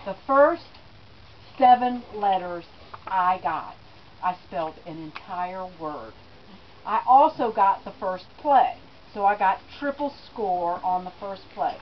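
A middle-aged woman speaks at a memorial, telling family stories and laughing softly. Her voice has an everyday middle pitch. The recording is dull and lo-fi, with a faint hiss. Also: expressive, slow. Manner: storytelling with gentle laughs. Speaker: daughter giving a eulogy. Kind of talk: personal eulogy speech.

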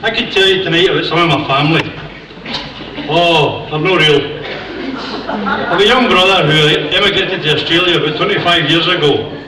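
A man's voice: a little high, fairly quick, pauses often, noisy background. An older Scottish man doing stand-up comedy, a chatty, self-mocking storyteller on a theatre stage. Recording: echoey theatre from far off.

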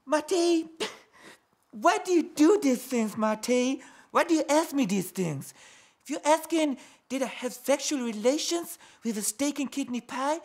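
A man voicing a squeaky, eccentric male pop star in a comedy sketch, breathy and giggly. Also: lively intonation, measured pace, full character voice. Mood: dreamy. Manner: breathy, giggly, keeps saying "Bish".

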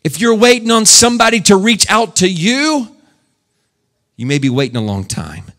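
Man preaching, from hushed to shouting. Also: high-pitched, very animated, normal speed. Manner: swings from loud shouted preaching to hushed quiet delivery; mock-prays in a put-on preacher's voice. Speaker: pastor. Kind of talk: sermon.

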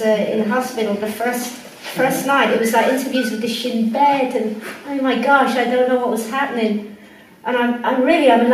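A woman with a fairly high voice tells a personal story to a gathering, animated and emotional, with laughter between her lines. She sounds far from the microphone, in a very echoey indoor room, with faint noise underneath. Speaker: guest speaker. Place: indoor room with a group of people.

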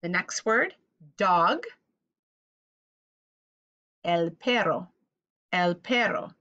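Slow, patient woman teaching vocabulary. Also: lowish voice, lively intonation, pushed and bright, highs cut off. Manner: patient, repeats each word for the listener to echo. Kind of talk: vocabulary lesson for children.

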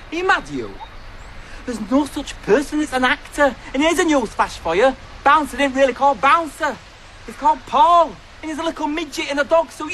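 A man's voice: very high-pitched, bright, forceful tone, slight background noise. An actor playing a brash, boastful and crude young man in a comedy sketch, full of cheeky insults. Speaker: comic character.

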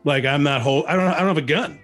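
A man, an actor who is a guest on an interview show, chatting casually and telling animated stories with many restarts. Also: on the high side, very fast, soft background music.

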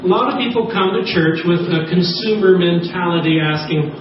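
A man's voice: sits high, normal speed, background noise. A man preaching a sermon as pastor, leading his congregation in call-and-response. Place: church sanctuary. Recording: echoey, distant, dull church recording.

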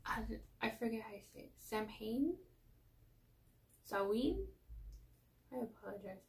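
A woman vlogger chatting casually through an unboxing. She gushes about how cute everything is, apologizes often, and sometimes drops into a soft whisper. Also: mid-range voice, level tone, rapid-fire, vocal fry. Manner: gushing, calls everything cute; self-deprecating, apologizes often.

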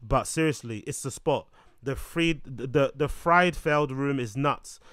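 Swearing host with a smooth voice. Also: male voice, medium pitch, a little slow, no room sound. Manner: animated, swearing, joking. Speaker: show host. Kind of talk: casual commentary.

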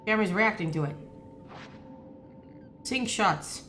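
This is a woman co-streaming a horror game. She jumps from chatty coaching to shrieks and curses at every scare. Her voice is bright and swoops all over. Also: mid-range voice, lively intonation, slow, a little hiss or hum. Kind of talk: live gameplay chat.

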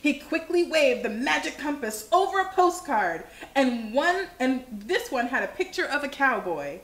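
A woman hosting a children's livestream, reading a picture book aloud with animated expression. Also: sits high, normal speed. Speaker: children's show host. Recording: echoey room.

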